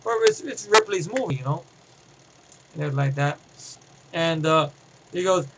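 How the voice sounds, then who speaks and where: A man giving a casual, rambling film review, excitable and profane, often restarting his sentences. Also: fairly high pitch, moderate pace, pauses often, background noise.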